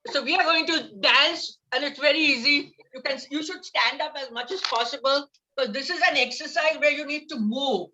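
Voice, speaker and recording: Female laughter yoga instructor, slightly high, upbeat and coaxing, on a muffled video call. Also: normal speed, few pauses, pushed and bright. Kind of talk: leading an online laughter yoga class.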